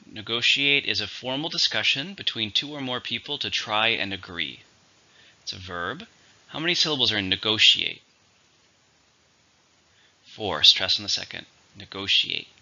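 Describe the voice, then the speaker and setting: A man teaching English vocabulary in a slow, clear scripted lesson, repeating each word for learners. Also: lowish voice, bright, forceful tone, dull audio.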